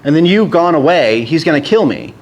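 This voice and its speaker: A man's voice: on the high side, very animated, fairly quick. A man voicing a frightened male servant who stammers nervously in a retold scripture story. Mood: fearful.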